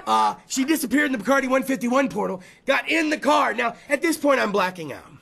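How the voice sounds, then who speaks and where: A man with a high, gravelly voice hosts a podcast and rambles through a story. He swears freely, repeats himself and often shouts. His tone is bright and forceful. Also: animated, a little fast. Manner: loud, rambling and profane, with repeated phrases and bursts of shouting. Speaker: podcast host. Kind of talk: casual storytelling chat.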